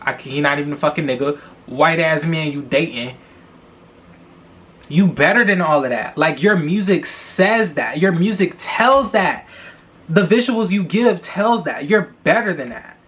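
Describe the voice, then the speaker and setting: A young man hosting a podcast, gossiping about celebrities in a blunt, profane, animated way and repeating himself for emphasis. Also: on the high side, unhurried. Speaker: podcast host. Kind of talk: casual celebrity gossip commentary.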